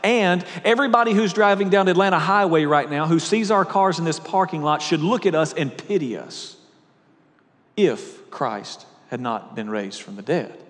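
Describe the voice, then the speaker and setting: Preacher with swelling, hushed delivery. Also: male voice, moderate pace, big-room sound. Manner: dynamic preaching, swinging from loud emphatic peaks to hushed low lines. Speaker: pastor. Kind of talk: sermon. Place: church sanctuary.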